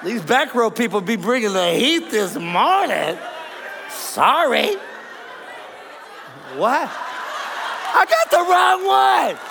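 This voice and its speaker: A man preaching a sermon to a congregation, animated and joking with the crowd. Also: very high-pitched, takes it slowly, gravelly, pauses often, background noise. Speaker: pastor. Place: large church auditorium. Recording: long hall reverb, faint ambience.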